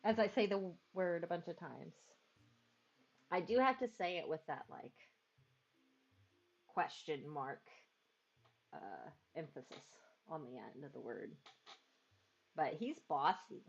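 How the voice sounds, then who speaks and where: A woman's voice: low-pitched, expressive, slow, vocal fry, long pauses, slightly rough. Chatty woman streaming a cozy game. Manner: chatty, talks to her dogs in a cooing voice. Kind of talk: casual game stream chat. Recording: dull lo-fi stream audio with game music.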